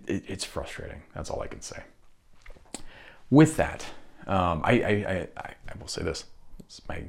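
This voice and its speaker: A man's voice: low-pitched, creaky, a little mellow. A man hosting a solo talk show, ranting in frustration, swearing often and restarting his sentences. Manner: frustrated, profane, rambling with restarts. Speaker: podcast host. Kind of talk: solo political rant.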